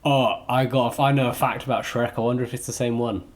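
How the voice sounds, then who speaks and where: A man's voice: medium pitch, fairly even intonation, quick pace. A man from the English Midlands co-hosting a podcast, chatting and giving opinions about films. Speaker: podcast co-host. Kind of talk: casual chat.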